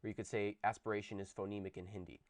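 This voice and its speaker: A man's voice: on the low side, flat delivery, racing, dry recording. Man explaining linguistics in a dry room. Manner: explanatory, demonstrates sounds aloud. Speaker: linguistics teacher. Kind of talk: recorded video lecture.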